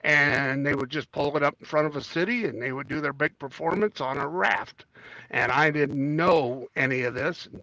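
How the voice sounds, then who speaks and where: A man's voice: a little high, normal speed, pushed and bright, no echo. A man co-hosting a casual podcast, joking around and reading topics from a list. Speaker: podcast co-host. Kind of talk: casual chat.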